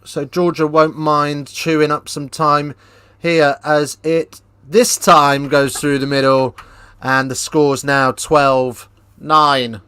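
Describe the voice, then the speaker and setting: A man's voice: a little high, slow pace, smooth, no room sound. Casual man hosting a rugby watchalong. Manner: casual, banters with live chat, lifts into excited play-by-play on tries. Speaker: watchalong host. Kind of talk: live watchalong commentary and chat.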